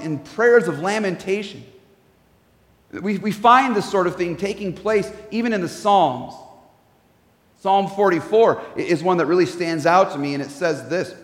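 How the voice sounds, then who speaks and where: A man with a high voice preaches an earnest sermon, stumbling over a word now and then before pressing on. His voice rings through a church hall with a long, echoing reverb. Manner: earnest, with repeated restarts and soft asides. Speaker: pastor.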